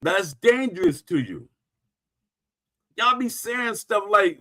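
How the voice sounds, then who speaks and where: A man's voice: high-pitched, lively intonation, measured pace, sharp tone. A middle-aged man hosting a stream, ranting to his viewers in an emphatic, repetitive way and hammering his points home. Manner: emphatic, repetitive, punctuates claims with "Facts". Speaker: streamer host.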